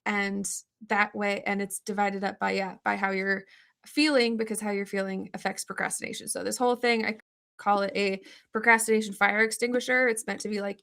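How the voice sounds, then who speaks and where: A woman speaking over a video call as an interview guest. She tells her stories in a lively, rambling way, dotted with "like" fillers, and her pitch sits in a middle range. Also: gravelly. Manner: rambling, animated, lots of "like" fillers. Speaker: interview guest, comic artist. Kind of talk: casual storytelling in an interview.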